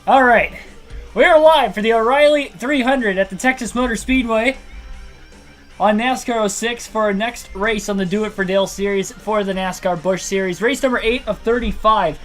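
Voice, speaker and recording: A man's voice: high voice, normal speed, a bit bright, faint music behind. A young man streaming a racing game, out of breath and talking in a rambling, laughing way. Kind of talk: casual livestream chat. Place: room at home.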